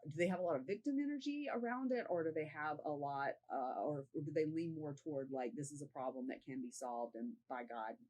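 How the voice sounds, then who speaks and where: A woman's voice: deep voice, lively intonation, a little fast, few pauses, darkish tone, rough recording. A woman sales coach giving a casual tutorial to camera, talking conversationally and often checking in with "right?".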